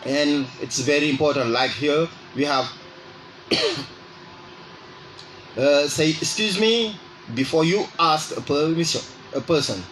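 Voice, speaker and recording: A man hosting a radio English lesson, speaking slowly and repeating phrases so listeners can drill them. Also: fairly high pitch, steady tone, fairly bright tone, slight background noise, low-quality recording. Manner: exaggerates rising intonation on example phrases. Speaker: radio English teacher and host. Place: radio studio.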